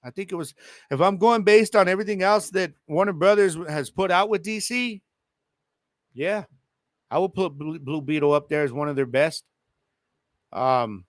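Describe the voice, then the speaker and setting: A man hosting a casual solo podcast with a Chicano English accent, talking to his listeners in a lively, slangy way. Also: fairly high pitch, no room sound, studio quality. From El Paso, Texas. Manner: animated, slangy, addresses listeners directly. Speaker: podcast host.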